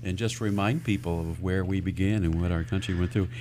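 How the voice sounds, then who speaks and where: A man's voice: deep voice, steady tone, fairly quick, background noise. A man hosting a radio talk show as a financial advisor, explaining earnestly and often restarting his sentences.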